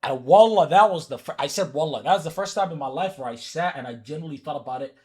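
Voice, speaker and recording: A fairly high-pitched man with a husky edge to his voice, chatting loosely on a livestream. He is from Africa and keeps teasing and repeating lines as he answers his chat. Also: fast talker. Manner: repetitive, teasing, talks back to chat. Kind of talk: casual stream chat.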